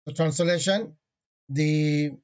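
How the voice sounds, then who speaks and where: A man with a somewhat high voice leads an online grammar lesson, quizzing his students as he goes. The sound is dull and lo-fi, as if from a basic class call. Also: steady tone, takes it slowly, a little mellow, a little hiss or hum. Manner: asks the class questions, reads Arabic parsing terms. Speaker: Arabic grammar teacher.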